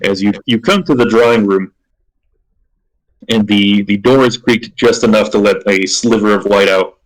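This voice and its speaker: A man narrating a tabletop role-playing game as game master, halting with frequent restarts. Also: on the low side, fairly even intonation, poor audio. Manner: halting, many restarts and fillers.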